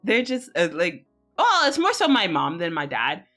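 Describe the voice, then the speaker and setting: A woman's voice: on the low side, huge pitch swings, moderate pace, pushed and bright. A young adult woman chatting casually on a live stream, laughing often and swearing freely. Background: faint music.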